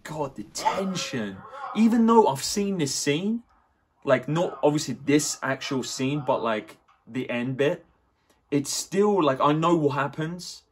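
A young man hosting a casual movie reaction, excitable and swearing, with lots of "like" fillers. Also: fairly high pitch, takes it slowly.

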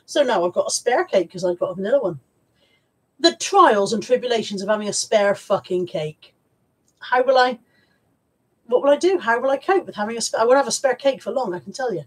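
A woman with a high-leaning, husky voice speaks expressively and fairly quickly while hosting a casual home livestream. Piles of stuff surround her as she reads out viewer comments, chats informally, and swears from time to time.

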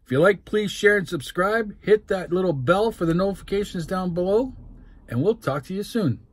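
A man's voice: high voice, lively intonation, moderate pace, slightly rough, no room sound. A man with a Canadian accent, talking casually and upbeat in a food-tasting vlog, rambling between topics. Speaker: food vlogger. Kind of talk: casual mukbang vlog talk.

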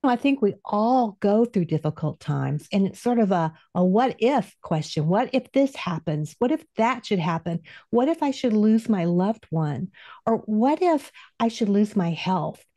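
A woman hosting a faith talk show, reflecting and asking her guest gentle questions. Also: medium pitch, lively intonation, measured pace, no room sound.

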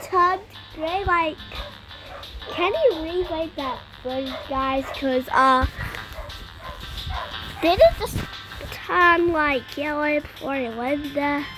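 Very high-pitched girl gaming. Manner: excitable, frustrated outbursts at the game. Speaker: gamer. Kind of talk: casual gameplay commentary.

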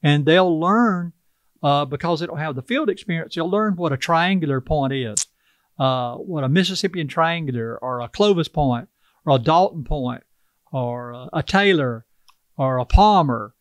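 Older man, South Carolina accent, earnest folksy interview talk, fairly high pitch, dry close sound. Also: lively intonation, moderate pace, no echo. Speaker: tribal chief, interview guest.

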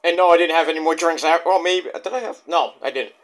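A man rambling excitably through a casual wrestling review, swearing often. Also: fairly high pitch, quick pace.

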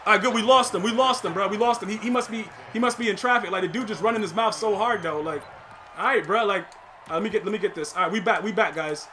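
Excitable high-voiced trash-talking streamer man. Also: fast talker, a little hiss or hum. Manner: excitable slangy trash talk. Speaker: gaming streamer. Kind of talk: live gameplay commentary.

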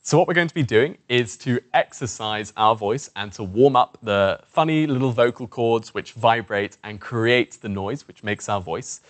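A man coaching a voice warm-up lesson, encouraging and demonstrative as he guides participants through exercises. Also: medium pitch, moderate pace, hardly any pauses. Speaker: presentation skills coach.

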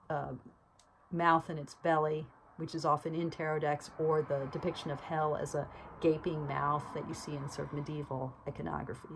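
Low-pitched woman host, chatty and musing, loose casual delivery with lots of ums. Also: creaky, a little hiss or hum, low-quality recording. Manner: musing, chatty, many fillers. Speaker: tarot channel host. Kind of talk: casual talk to camera.

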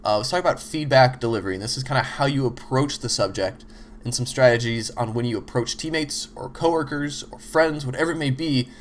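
Male host, mid-pitched, casual chatty teacher who acts out little example exchanges. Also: fairly quick, slight background noise. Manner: loose, conversational, frequent "you know" and "like". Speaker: host explaining teamwork. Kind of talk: casual instructional talk.

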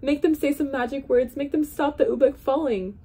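A woman's voice: sits high, normal speed, mellow, pitched above the performer's own voice. A woman doing a pompous old storybook king. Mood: pompous commanding. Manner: pompous, commanding, bellowing. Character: proud, blustering old king, mighty ruler turned helpless.

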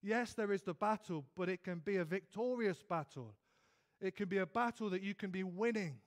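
A man's voice: high-pitched, moderate pace. A man with a British accent preaching an evening sermon in church, earnest, often restarting and repeating words as he builds emphasis. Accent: British English.

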